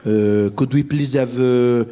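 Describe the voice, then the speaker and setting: A man putting on a French man ordering food slowly, with a French accent and many hesitations. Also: mid-range voice, warm tone, voice pushed down, close to an everyday voice. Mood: hesitant. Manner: hesitant, drawn-out ums.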